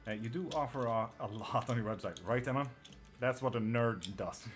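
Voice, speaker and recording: A man's voice: medium pitch, moderate pace. A man with an Irish-sounding accent and a slight twang, hosting a live tarot stream in casual chat, blunt and swearing freely as he answers viewers.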